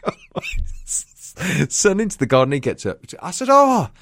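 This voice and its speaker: Male podcast co-host, expressive storyteller, fairly high voice. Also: measured pace, creaky, slightly rough, dry recording, clean studio sound. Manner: animated, laughing through stories, acts out voices. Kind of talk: casual storytelling chat.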